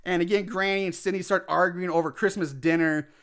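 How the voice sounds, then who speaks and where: A man casually retelling a film's plot as a podcast co-host, rambling and animated with quoted asides. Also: high-pitched, fairly quick, smooth. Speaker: podcast co-host recapping a film. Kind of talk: casual chat.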